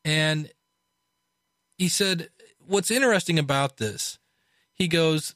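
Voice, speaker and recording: A man casually talking through a book he is reading, chatty, with restarts and animated asides. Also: on the high side, slow, pauses often, no echo, studio quality. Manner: conversational, frequent restarts and fillers. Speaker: podcast host reviewing a book.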